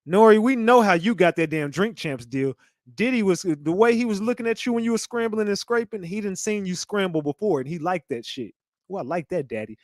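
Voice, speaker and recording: A man giving a casual commentary rant, animated and mocking, often breaking into laughter. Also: high-pitched, no room sound, studio quality. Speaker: commentary channel host.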